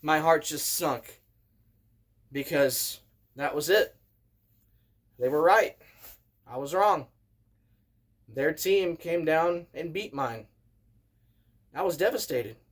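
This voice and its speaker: A man in his thirties, a vlogger telling a story in an excitable, animated way as a casual rant. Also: a little high, takes it slowly, long pauses. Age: 30s.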